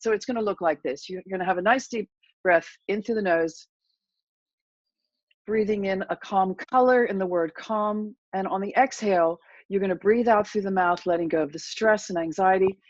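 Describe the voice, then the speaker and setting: A woman's voice: medium pitch, no echo, muffled recording. A woman therapist giving an interview, explaining self-help techniques and coaching a breathing exercise in a confident, instructive way. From England. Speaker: therapist and hypnotherapist guest. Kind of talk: interview answers with a guided breathing demo.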